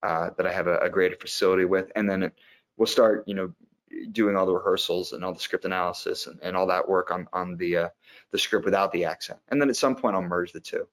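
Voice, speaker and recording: A man's voice: low-pitched, steady tone, quick pace. A man, an actor, answering interview questions in a reflective, explanatory way.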